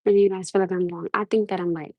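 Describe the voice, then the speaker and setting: A woman's voice: mid-range voice, racing, no room sound, muffled recording. A young woman from Norwalk with a New York-tinged accent, chatting casually on a livestream and asking her viewers again and again what they think. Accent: New York-tinged American. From Norwalk, USA. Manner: animated, repeats questions to the audience, restarts often. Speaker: livestream host.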